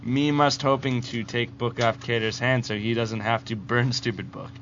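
A man's voice: medium pitch, fairly even intonation, moderate pace, fairly bright tone, slight background noise, close to an everyday voice. A man reading a listener's letter in the voice of Bizarro, a dim-witted backwards male supervillain, speaking in broken grammar. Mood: dopey. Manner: broken grammar, calls himself "me". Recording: dull lo-fi podcast audio.

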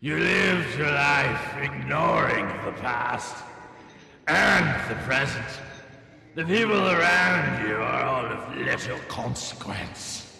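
A doom-laden spirit with a gravelly, bright-edged growl, drawing out every word and bellowing warnings. His voice rings with long, hollow reverb. It suits a comedy audio parody. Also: mid-range voice, expressive, exaggerated voice. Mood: booming. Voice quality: gravelly, drawn-out and shouted delivery. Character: ominous male ghost of future Christmases, booming. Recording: echoey long-reverb hall effect.

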